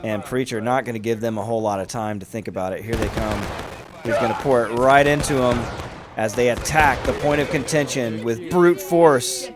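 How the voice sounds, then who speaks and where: A man hosting and commentating a large online battle game with lively, amused play-by-play. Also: medium pitch, normal speed. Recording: commentary over loud battle crowd noise. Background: crowd and gunfire of a large online battle.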